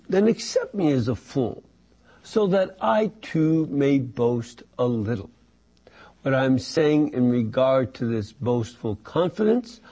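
A man teaching a Bible study, reading passages and explaining them in an unhurried way with many fillers and restarts. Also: a little high, warm tone, slightly rough, lo-fi sound.

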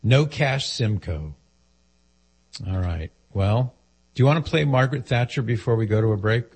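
A man's voice: mid-range voice, lively intonation, normal speed, darkish tone, slightly rough. A man hosting a talk radio show, joking and teasing his co-host in casual banter.

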